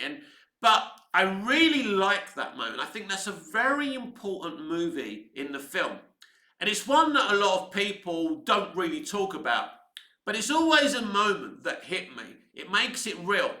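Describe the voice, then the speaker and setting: A man's voice: high-pitched, very animated, moderate pace, bright, forceful tone, echoey room. A man, talking casually and enthusiastically about films in a rambling way. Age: 50s. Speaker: film commentator. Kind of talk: casual film commentary.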